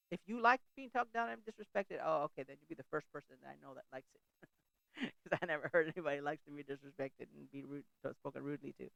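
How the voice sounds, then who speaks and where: Gravelly-voiced woman preaching casually. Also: low-pitched, a bit bright, no echo, rough recording. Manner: chatty, laughs often, breaks off and restarts mid-thought. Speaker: host of a faith talk show.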